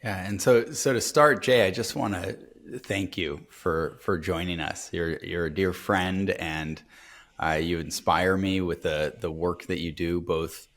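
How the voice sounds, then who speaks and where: A man hosting a podcast, asking questions in an earnest, halting way with many restarts. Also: deep voice, fairly bright tone. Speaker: podcast host. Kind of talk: podcast interview.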